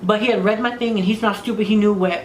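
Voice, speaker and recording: A woman telling frank stories in casual chat as a podcast host, crude, profane and animated. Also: medium pitch, fast. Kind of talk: candid casual storytelling. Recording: roomy room with faint noise.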